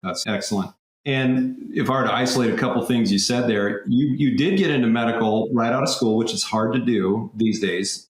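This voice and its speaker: A man hosting a podcast interview, measured, summing up his guest's points. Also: mid-range voice. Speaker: podcast host. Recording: echoey room.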